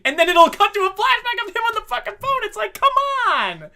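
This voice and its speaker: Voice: very high voice, big pitch swings, brisk, creaky, bright, forceful tone. A podcast co-host in casual anime review chat, swearing freely and mockingly acting out scenes.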